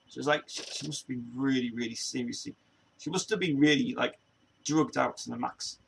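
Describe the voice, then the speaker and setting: A man's voice: mid-range voice, brisk, gravelly, slightly rough. A man hosting a casual chat show, rambling with many restarts and laughing often. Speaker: show host.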